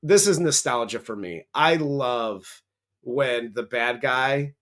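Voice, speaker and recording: A man's voice: mid-range voice, animated, slow pace, fairly bright tone. A man co-hosting a movie review, retelling the plot in a casual, profane, joking way. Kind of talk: casual comedic film recap.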